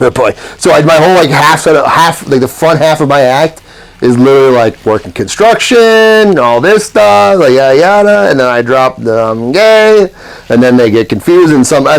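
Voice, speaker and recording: A man's voice: a little high, rough recording. A man telling stories as a comedy podcast guest, laughing often and swearing freely. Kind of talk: casual podcast chat.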